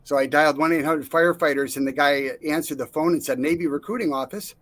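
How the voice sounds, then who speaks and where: Brief: middle-aged male storyteller, slightly higher voice, lots of "uh" and restarts, acts out quotes. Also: steady tone, fast, a bit bright. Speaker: interview guest, Navy veteran. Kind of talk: casual storytelling.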